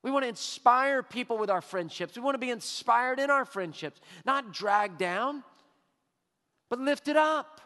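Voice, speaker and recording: A man preaching a sermon as pastor, emphatic and drawing out his words with pauses. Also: very high-pitched, expressive, bright, forceful tone. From Texas. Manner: emphatic, with long drawn-out pauses. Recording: hall reverb.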